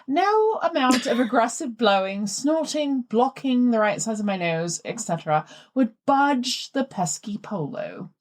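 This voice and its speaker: A woman's voice: on the high side, very animated, unhurried, few pauses. A woman reading a listener's letter aloud in the voice of a posh British man, telling it in a dry, matter-of-fact way. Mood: wry. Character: posh adult British man recounting a mishap.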